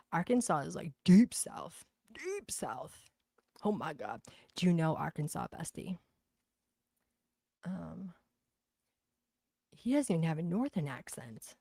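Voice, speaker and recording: Low gravelly woman with thick Boston accent. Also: a little mellow, no echo. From Boston, USA. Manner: blunt, profane, chatty. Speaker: livestream host. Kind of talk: casual livestream chat, reading comments.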